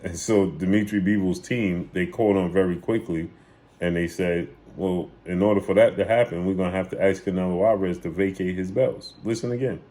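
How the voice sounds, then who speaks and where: A man's voice: deep voice, fairly even intonation, a little fast, warm tone, a little hiss or hum. A man hosting a sports channel, casually retelling and commenting on boxing clips with emphatic repetition.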